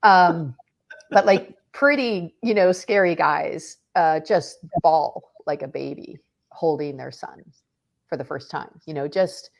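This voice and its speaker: A middle-aged woman talking as a podcast guest, telling stories in an animated way and acting out the quotes. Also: low-pitched, takes it slowly, gravelly, muffled recording. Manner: animated storyteller who acts out quotes. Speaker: podcast guest, author and speaker. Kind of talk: casual faith conversation.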